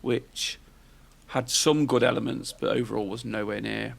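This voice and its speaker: A man's voice: medium pitch, steady tone, moderate pace, creaky. A man, hosting a podcast in casual, rambling chat and tossing questions to his co-host. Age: 40s.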